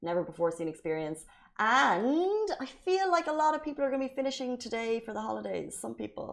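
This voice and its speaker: A woman's voice: fairly high pitch, big pitch swings, quick pace, gravelly. A woman hosting a news and lifestyle show, talking in a chatty, bubbly way. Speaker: show host. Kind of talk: lively news show banter.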